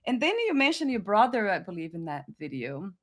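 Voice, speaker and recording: A woman's voice: mid-range voice, sing-song, brisk. Woman host asking tentative questions. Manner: tentative, checks her understanding. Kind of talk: interview questions on a video call.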